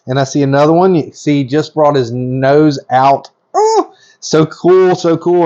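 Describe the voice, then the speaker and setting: A man casually narrating while he works with his animals, excitable and chatty, with lots of fillers and restarts. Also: fairly high pitch, lo-fi sound. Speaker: reptile breeder.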